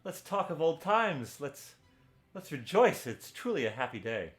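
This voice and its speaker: A man's voice: a little high, sing-song, a little slow, a bit bright, soft background music, pitched above the performer's own voice. A man doing a hearty, jovial adventurer. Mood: hearty welcome. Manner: hearty, exclamatory, stammering. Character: jovial male adventurer greeting an old friend.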